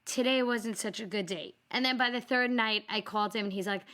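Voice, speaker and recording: Animated woman telling a home story. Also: mid-range voice, a little fast. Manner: animated storyteller, acts out quoted voices. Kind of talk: casual chat.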